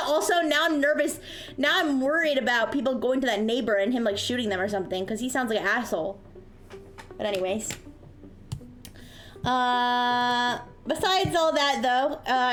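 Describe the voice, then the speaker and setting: A woman streamer chatting casually at her desk microphone, telling an animated story and acting out the people in it. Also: fairly high pitch. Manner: animated storytelling, acts out yelling voices. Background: soft music.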